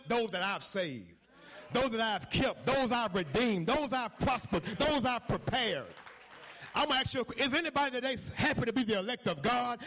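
A male pastor preaching a sermon, swinging between quiet asides and shouted, repetitive declarations. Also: very high-pitched.

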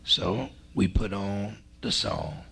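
A man preaching a sermon, slow and emphatic, with repetitions and a folksy storytelling manner. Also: lowish voice, fairly even intonation, creaky, pushed and bright, husky. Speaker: pastor.

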